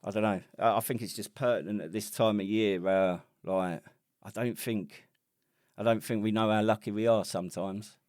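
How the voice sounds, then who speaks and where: Sweary low-voiced English man chatting. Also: steady tone, moderate pace, darkish tone, no echo, clean studio sound. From England. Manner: sweary, rambling banter. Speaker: podcast co-host. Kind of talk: casual chat.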